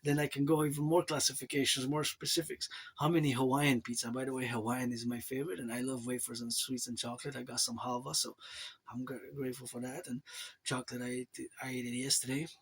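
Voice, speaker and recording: Rambling husky-voiced Quebec man. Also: mid-range voice, level tone, fast talker. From Canada. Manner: rambling, loose, with repeats and asides like "eh?". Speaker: vlogger. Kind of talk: rambling unedited monologue.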